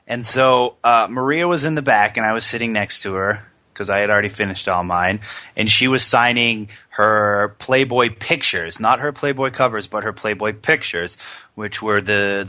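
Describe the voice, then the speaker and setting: A man hosting a casual podcast, his voice bright and forward as he tells stories with an easy, chuckling manner. The recording is dry and close. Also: fairly low pitch, no room sound. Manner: storytelling, relaxed, chuckling. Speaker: podcast host. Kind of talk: casual chat.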